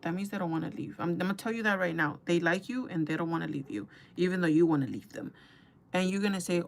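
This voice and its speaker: A woman's voice: fairly low pitch, moderate pace, slight background noise. A young woman chatting casually to her viewers while doing her makeup, gossipy and talkative, calling them girl and guys. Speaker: beauty vlogger.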